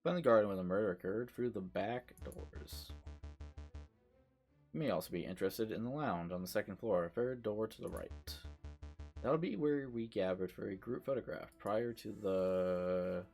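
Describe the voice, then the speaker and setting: A man's voice: fairly low pitch, expressive, moderate pace, vocal fry, darkish tone, faint music behind. A man voicing a wealthy, smug lion baron who talks in a pompous, genteel way. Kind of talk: reading game dialogue aloud on stream.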